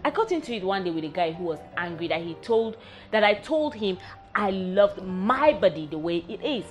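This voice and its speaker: A woman's voice: mid-range voice, big pitch swings, normal speed, faint music behind. A young woman, hosting a candid personal vlog in a frank, wry, self-mocking way. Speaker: vlog host.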